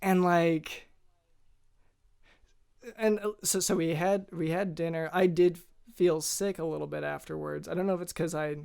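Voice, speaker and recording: A man hosting a podcast, telling a deadpan comic story in a halting, hesitant way with many restarts. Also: on the high side, creaky, clear, resonant tone. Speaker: podcast host.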